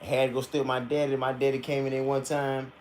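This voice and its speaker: A man streaming a live reaction, telling blunt, profane stories in a casual and animated way. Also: medium pitch, fast, slight background noise.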